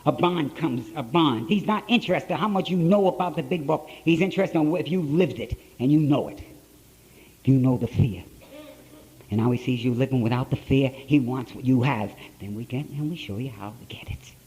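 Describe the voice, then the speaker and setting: An older man with an Ohio accent and a medium-pitched, warm voice speaks at normal speed in a rough recording. Addressing a live audience in a conference hall at a recovery conference, he tells a blunt, repetitive story.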